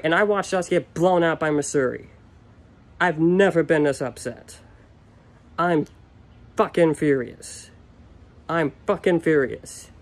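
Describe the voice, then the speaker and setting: Furious young man ranting, a bit high. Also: a little mellow. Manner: frustrated, repetitive, swearing. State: upset and furious. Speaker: sports fan ranting on video. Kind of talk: angry solo rant.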